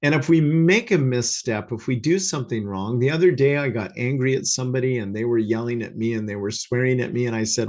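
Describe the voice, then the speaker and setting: A man's voice: medium pitch, darkish tone. Earnest man giving a casual sermon. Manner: earnest, conversational, with frequent restarts and pauses. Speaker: speaker giving a spiritual talk. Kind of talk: informal sermon. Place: talk to a small congregation, also streamed online.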